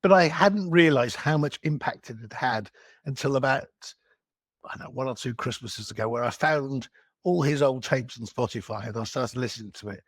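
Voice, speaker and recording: English man, gravelly husky voice, anecdotal guest, dry close sound. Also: mid-range voice, moderate pace, dry recording. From England. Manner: anecdotal storytelling. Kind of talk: podcast interview.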